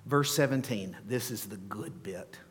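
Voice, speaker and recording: A man preaching as a pastor, telling the story in an animated way, acting out scenes with playful asides. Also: on the low side, unhurried, breathy edge. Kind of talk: sermon. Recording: long hall reverb.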